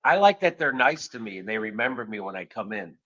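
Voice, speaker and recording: A man hosting a podcast, telling stories in a casual, animated and profane way, acting out the dialogue. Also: on the low side, quick pace, highs cut off. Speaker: podcast host. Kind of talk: casual storytelling chat.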